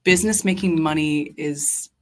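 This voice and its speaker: This is a low-voiced young woman speaking at a normal pace, her tone slightly dark. She's a chef and diner owner chatting casually as a podcast guest, earnest and passionate, often using fillers and starting over.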